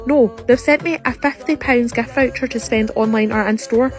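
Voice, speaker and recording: A woman casually telling a phone-call story in a chatty, animated way. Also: on the high side, fairly quick, few pauses, soft background music.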